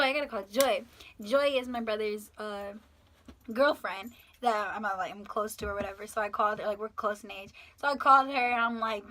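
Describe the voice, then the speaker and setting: A woman's voice: on the high side, expressive, moderate pace, a bit bright. An eighteen-year-old woman, telling a story casually and animatedly, swearing and acting out the people she quotes. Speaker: vlogger.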